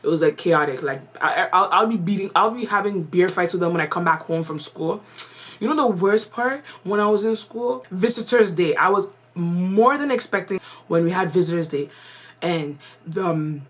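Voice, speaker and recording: A woman's voice: fairly low pitch, lively intonation, normal speed. Slangy casual woman telling a story. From Canada. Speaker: vlogger. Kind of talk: storytime vlog.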